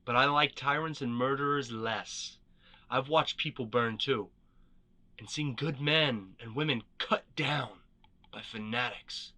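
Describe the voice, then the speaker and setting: A man plays a hardened rebel leader who trusts no one at first, speaking in short, blunt and wry lines. The tone sits at an ordinary pitch but rings bright and forceful. It is a read-aloud storybook voice. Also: measured pace. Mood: gruff. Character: gruff veteran male rebel leader, wary, blunt. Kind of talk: storybook character reading.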